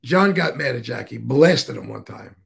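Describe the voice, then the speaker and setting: A man's voice: mid-range voice, animated, moderate pace, vocal fry. A man as an interview guest, telling stories casually in a rambling way, swearing freely and restarting sentences.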